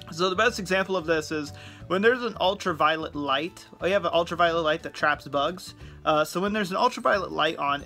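A young man talks casually to his viewers, joking and chatting as he explains things. His voice sits a little high and sounds bright and forward. Faint music plays underneath. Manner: joking, chatty, laughs at own jokes. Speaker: vlogger host. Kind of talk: casual talk to camera.

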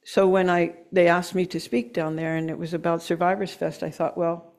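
A middle-aged woman with a lowish voice delivers a heartfelt sermon. She slows down to stress her points, and it turns emotional and lightly self-mocking. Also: little pitch movement, a little mellow. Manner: earnest, emotional, with slow emphatic stretches and laughs. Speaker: guest speaker.

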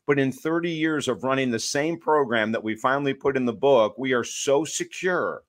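Here an author and addiction counselor, interviewed on a podcast, drives his points home with emphasis, stories, and lively asides. He speaks at a normal speed in a medium pitch.

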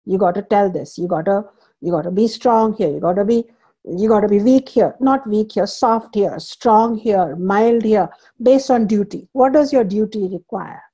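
A woman's voice: medium pitch, normal speed, dark tone, breathy edge. A woman spiritual teacher lecturing a scripture class, stressing points by repeating phrases and explaining terms in English as she goes.

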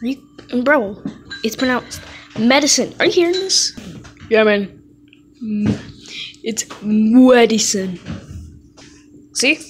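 A woman's voice: on the high side, slow, pauses often, soft background music. A woman performing a comedy skit, bickering insistently over how a word is pronounced.

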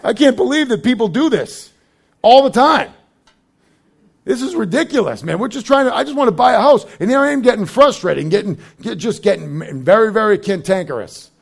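Man, young adult, pastor, sermon, high-pitched, gravelly, conversational asides. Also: expressive, a little fast. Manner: conversational preaching with jokes and asides.

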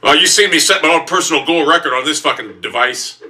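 A man giving profane gameplay commentary while seated, grumbling, then bursting into yelling outbursts. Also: fairly high pitch, quick pace. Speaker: gamer. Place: seated in a chair while playing.

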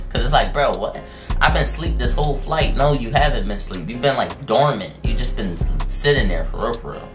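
A man casually telling a story on his vlog in slangy, profane speech, full of fillers and drawn-out phrases. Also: mid-range voice. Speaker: storytime vlogger. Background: music in the background.

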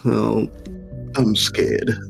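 A man's voice: lowish voice, flat delivery, gravelly, soft background music, poor audio. A tired man chatting on a stream watch-along, swearing a lot and laughing along with his friend. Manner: swearing, drawn-out laughing banter. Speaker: streaming guest watching a show. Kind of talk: casual watch-along chat.

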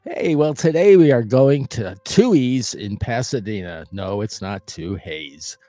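An older man hosting a casual restaurant review vlog, talking in a rambling way with many fillers and the odd loud whoop. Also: medium pitch, lively intonation, measured pace, no echo. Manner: bursts of loud whooping cheers.

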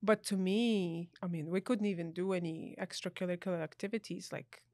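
A woman's voice: fairly low pitch, a little fast, no room sound, studio quality. A woman from Ukraine, a guest in an interview, telling stories with emotion and acting out the dialogue. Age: adult. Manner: animated, emotional, acts out dialogue in voices. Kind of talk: conversational interview storytelling.

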